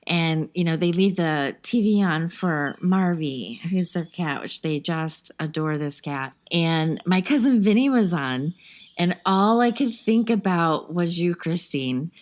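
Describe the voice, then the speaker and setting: A woman's voice: lowish voice, lively intonation, a little slow. A woman hosting a podcast from her daughter's apartment, chatting and telling stories. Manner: chatty, storytelling. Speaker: podcast host. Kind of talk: casual podcast chat.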